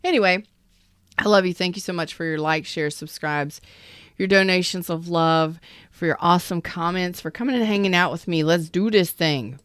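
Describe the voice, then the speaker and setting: A woman giving a casual live tarot reading, keeping her voice low and soft while she recovers. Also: normal speed, clean tone, no echo, studio quality. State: recovering from an illness. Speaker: tarot reader.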